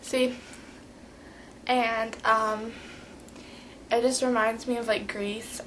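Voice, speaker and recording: Teenage girl, casual tutorial vlog, rambling and chatty, slightly high voice, faint background hiss. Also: little pitch movement, a little slow, long pauses, a bit bright, rough recording. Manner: rambling, chatty, heavy on fillers. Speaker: vlogger.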